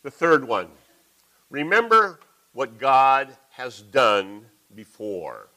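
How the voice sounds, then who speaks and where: A middle-aged man preaching a sermon, with folksy, animated storytelling. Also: mid-range voice, slow, poor audio.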